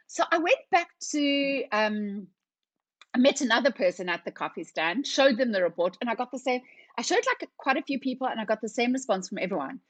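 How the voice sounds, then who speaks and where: A woman's voice: high-pitched, brisk, no room sound. A middle-aged woman, a company founder telling her story as a podcast guest and acting out the conversations. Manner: lively storyteller who acts out conversations. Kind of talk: casual storytelling interview.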